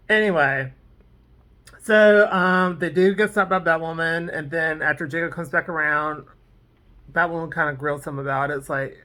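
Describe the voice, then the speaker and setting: Bright-voiced rambling episode reviewer. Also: mid-range voice, fairly even intonation, moderate pace. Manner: rambling, goes off on tangents; fillers like "like" and "um". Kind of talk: casual episode recap.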